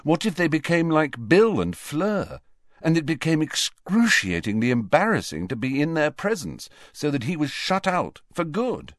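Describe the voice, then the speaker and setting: A man narrating an audiobook with expressive storytelling. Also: a little high, normal speed, no room sound, clean studio sound.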